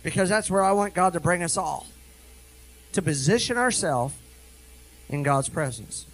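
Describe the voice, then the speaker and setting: A middle-aged man preaching a sermon as a minister, animated, darting through quick asides and slowing down to read scripture with heavy emphasis. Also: high-pitched, low-quality recording.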